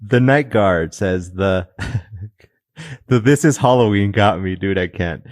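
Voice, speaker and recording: A man's voice: lowish voice, expressive, takes it slowly, dry recording, studio quality. A man co-hosting a podcast, chatting casually, laughing often and reading out listener comments. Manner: easygoing, laughs a lot. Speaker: podcast co-host.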